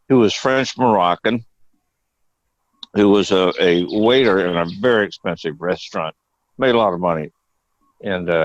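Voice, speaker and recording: An older man as a podcast guest, telling rambling, profane anecdotes and laughing often. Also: lowish voice. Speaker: guest actor. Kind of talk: casual storytelling. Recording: dull, dry sound.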